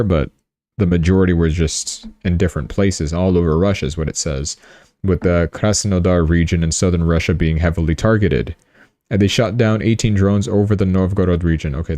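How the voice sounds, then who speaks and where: This livestream host has a low, mellow voice, recorded dry and close with no echo. He comments on the news in a chatty, rambling style, drifting into joking asides.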